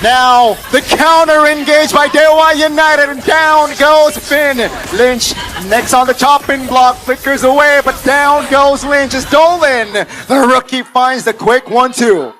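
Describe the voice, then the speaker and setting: Male play-by-play caster, high bright voice, hype calls. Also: fairly even intonation, a little hiss or hum. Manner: rapid hype calls, dramatic build-ups. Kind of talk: esports play-by-play commentary.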